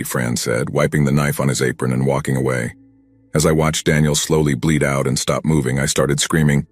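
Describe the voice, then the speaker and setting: A man narrating a first-person horror story in a steady, grim, scripted telling. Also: a bass voice, brisk, breathy edge, no echo.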